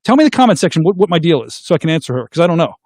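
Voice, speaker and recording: Casting note: goofball male call-in host, quick and high. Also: dry recording, studio quality. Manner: goofy, excitable, makes silly sound effects. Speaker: host of a call-in livestream show. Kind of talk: casual call-in chat.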